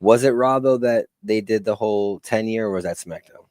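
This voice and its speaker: A man's voice: on the low side, normal speed, darkish tone, no room sound. A man co-hosting a casual wrestling podcast, rambling with lots of fillers and acting out little quotes. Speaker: podcast co-host.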